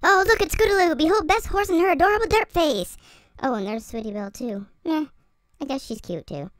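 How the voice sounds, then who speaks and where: A gushing, squealing fanboy in a very high, swooping voice that races along. He shrieks his adoration in a comedic aside. The sound is dry and close. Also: lively intonation, brisk, fairly bright tone, no room sound. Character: squealing overexcited male inner fanboy. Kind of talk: comedic aside in a video review.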